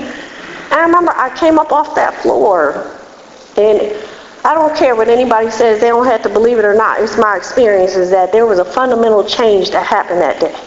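A woman's voice: on the high side, brisk, a little hiss or hum. A woman giving candid personal testimony as a speaker at a recovery meeting, talking in an earnest, frank, conversational way. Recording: dull, echoey hall recording.

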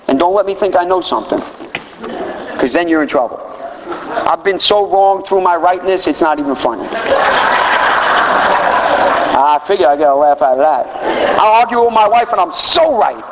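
A man in his fifties giving an animated, self-mocking personal talk as a recovery speaker. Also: high-pitched, fairly quick. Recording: distant hall, dull and noisy.

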